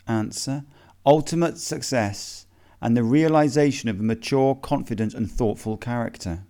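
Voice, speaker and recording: A man reading a self-help lesson aloud in a measured, methodical question-and-answer way. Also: mid-range voice, dark tone.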